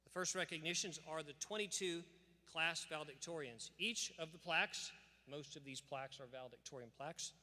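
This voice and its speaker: Fairly quick and sharp-toned, this man's voice runs on the high side as he preaches a commencement speech full of scripture. The tone is earnest and emphatic, and the large sanctuary gives the recording a long, echoing reverb.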